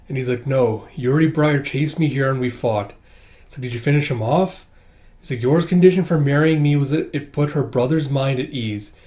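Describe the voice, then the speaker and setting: A man casually reading through a manga chapter, narrating and acting out lines, laughing often and breaking into high squealing voices for characters. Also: a little mellow. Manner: reads dialogue aloud, jumps into high squealing voices for characters; chatty, laughs often, fills with "it's like". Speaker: manga reader and commentator.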